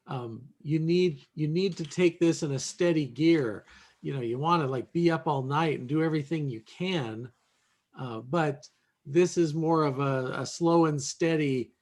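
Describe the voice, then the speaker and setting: Higher-voiced man hosting a podcast. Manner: halting, many uh and um fillers. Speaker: podcast host. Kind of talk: hosting a video podcast roundtable.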